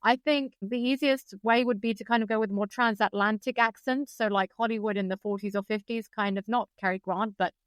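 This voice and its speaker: A woman's voice: on the high side, fairly even intonation, fairly quick, few pauses, no echo. A woman from Britain, a guest biographer on a podcast, speaking in an articulate, precise and opinionated way. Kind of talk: podcast discussion.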